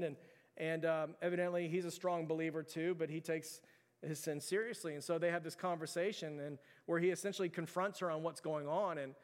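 High-voiced preaching man in a reverberant hall. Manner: conversational preaching, rising to urgent emphasis. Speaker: pastor. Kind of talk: sermon. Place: church sanctuary. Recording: long reverb of a church hall.

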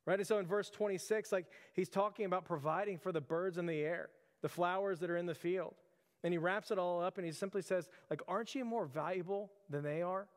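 A man in his thirties gives an earnest, conversational sermon to his congregation. His voice sits fairly high for a man and trails off into a long hall reverb. He talks in an informal way, often calling out to the listeners as "church". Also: a little fast. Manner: earnest, repeatedly addresses listeners as "church", filler "like". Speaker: pastor.

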